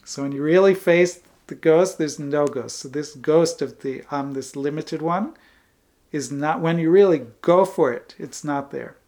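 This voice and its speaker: A man with a fairly high voice gives a spiritual talk as a teacher. He speaks earnestly and emphatically, circling back over the same phrases. Soft laughs and small restarts run through his speech. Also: unhurried.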